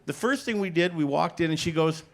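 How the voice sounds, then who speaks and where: A middle-aged man doing a stand-up comedy set, playful with deadpan punchlines, acting out both sides of conversations on stage. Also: on the high side, brisk. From Canada. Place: comedy stage before a live audience.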